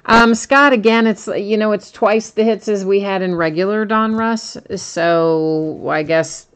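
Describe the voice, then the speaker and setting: A woman hosts a live card-breaking stream in a smooth, medium-pitched voice at a measured pace. Relaxed in manner, she lists the cards one after another in a steady rhythm and responds to viewers by name.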